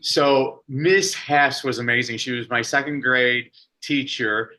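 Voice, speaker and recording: A man guest on a podcast, telling a childhood story in a lively storytelling way and acting out the voices in it. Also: mid-range voice, takes it slowly, low-quality recording. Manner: animated storyteller, acts out quoted voices; softens to a hushed, emotional tone at times. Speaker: podcast guest, speaker and author. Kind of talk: storytelling in casual interview.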